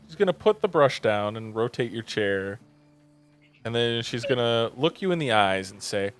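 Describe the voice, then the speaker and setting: Animated man narrating as game master. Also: lowish voice, normal speed, faint music behind. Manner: playful, expressive narration with frequent laughs.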